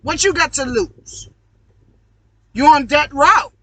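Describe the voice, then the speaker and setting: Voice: sits high, lively intonation, takes it slowly, pushed and bright, no echo, poor audio. A speaker in a heated, profane ranting monologue, preaching at the audience and swearing constantly. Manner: calls the audience "y'all". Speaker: online video host.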